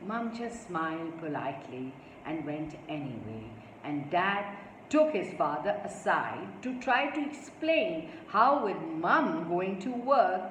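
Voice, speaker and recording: A woman reading a story aloud to children, adding her own asides as she goes. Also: medium pitch. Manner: warm, explanatory asides to children. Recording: echoey room with faint noise.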